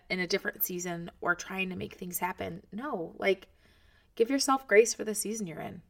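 A woman's voice: lowish voice, creaky, fairly bright tone. A woman in her thirties hosting a podcast, talking casually and encouragingly to other moms. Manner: chatty and encouraging, talks straight to the listener. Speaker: podcast host. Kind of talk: casual motivational talk to moms.

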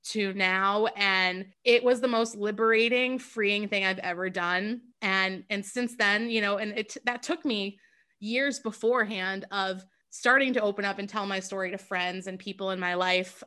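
A woman's voice: mid-range voice, fairly even intonation, normal speed, pushed and bright, clean tone. A young woman, a podcast guest, talking openly and earnestly in a candid interview, with lots of "like". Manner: earnest and open, fills with "like".

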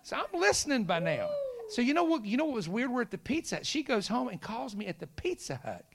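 A middle-aged man delivers a storytelling sermon in a high voice. He acts out the people he quotes, rising into sudden shouts on the punchlines. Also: very animated, fast talker, vocal fry, noisy background. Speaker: preacher.

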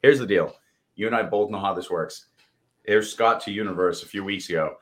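A man co-hosting a casual podcast, a coach who talks in a relaxed, rambling way with many fillers. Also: fairly low pitch, fairly quick. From Austin, Texas. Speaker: co-host, coach.

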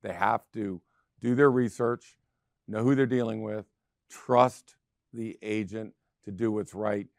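A man's voice: fairly low pitch, fairly even intonation, unhurried, gravelly, no echo. A middle-aged man hosting a real estate show, talking casually and driving his points home with emphatic repetition. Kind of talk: casual talk show monologue.

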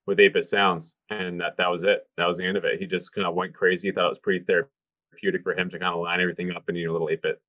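A man with a very low voice, chatting casually and rambling with frequent ums and swearing. The sound is close and dry. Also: level tone, racing, dry recording, lo-fi sound. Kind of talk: casual chat.

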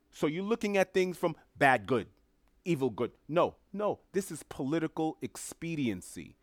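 A man's voice: fairly high pitch, big pitch swings, normal speed, dry recording. A man giving opinionated solo commentary as a podcast host, emphatic and sarcastic, repeating his phrases for effect.

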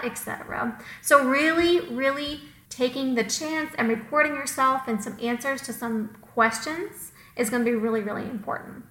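A woman's voice: sits high, normal speed, few pauses, bright, forceful tone, roomy sound, poor audio. A woman co-hosting an advice podcast, upbeat and emphatic, repeating words for stress. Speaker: podcast co-host.

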